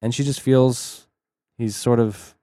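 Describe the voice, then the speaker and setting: A man's voice: medium pitch, fairly even intonation, slow, warm tone, no echo, clean studio sound. A man co-hosting a podcast, casually recapping a movie in a rambling way, often restarting his sentences. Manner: rambling, frequent restarts and hedging fillers. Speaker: podcast co-host.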